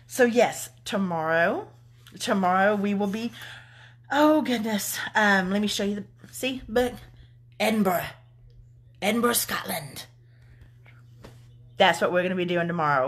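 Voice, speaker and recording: A woman's voice: medium pitch, measured pace, pauses often, fairly bright tone. A middle-aged woman with a Southern US accent, an author reading her own book aloud and then chatting with her live viewers in an effusive way, swearing freely.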